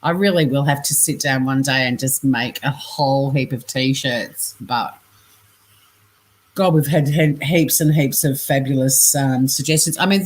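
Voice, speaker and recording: An Australian woman hosting a casual livestream, reading scam messages and chat aloud, chatty, laughing often and swearing freely. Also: rumbling low. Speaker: scambaiting livestream host.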